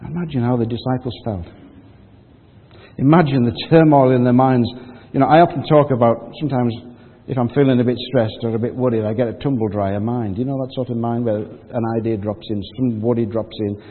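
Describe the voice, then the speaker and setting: A man's voice: medium pitch, fairly even intonation, fairly quick, breathy edge. A man giving a sermon, telling the story in a conversational way and acting out the quotes. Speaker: preacher. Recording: phone-like audio with long hall reverb.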